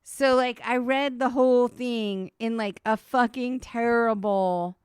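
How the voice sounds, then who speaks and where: A chatty woman on a home podcast, spinning a story with lots of "like" and the odd curse word. Her voice sits fairly high and sounds smooth and clear. The recording is close and dry, with no room sound. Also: takes it slowly, dry recording. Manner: animated storyteller, swears freely, lots of "like". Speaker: podcast co-host. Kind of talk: casual chat.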